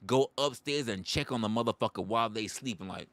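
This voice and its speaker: A man's voice: fairly low pitch, fast, hardly any pauses, fairly bright tone, no room sound. A man hosting a livestream, ranting comically and profanely. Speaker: livestream host. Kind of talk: comedic rant.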